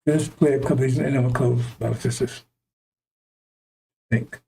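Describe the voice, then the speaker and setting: A man's voice: mid-range voice, fairly even intonation, moderate pace, gravelly, dark tone, breathy edge. A man preaching an emphatic, rambling sermon to his listeners, with a conversational delivery and frequent chuckling asides. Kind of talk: impassioned street-style sermon.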